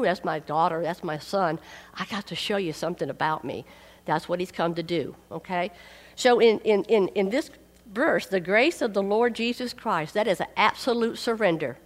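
A woman's voice: a little high, a bit bright. A woman preaching a sermon, emphatic and repeating key phrases for weight. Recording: long hall reverb.

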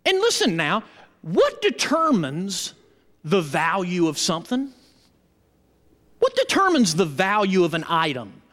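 High-voiced preacher in an echoing hall. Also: male voice, unhurried, pauses often. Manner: call-and-response preaching, animated and emphatic. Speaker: pastor. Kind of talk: sermon. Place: church.

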